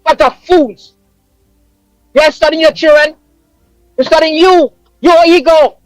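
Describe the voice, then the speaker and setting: A man's voice: very high-pitched, slow pace, no echo, faint music behind, poor audio. A man, calling in from abroad to a talk radio show, emotional and preaching with emphatic repetition. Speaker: caller living abroad. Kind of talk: impassioned call-in rant.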